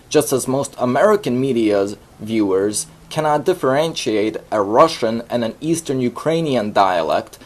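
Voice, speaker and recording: A man reads a scripted voice-over at a middling pitch. His delivery is measured and explanatory, and he walks through each point in order. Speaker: narrator.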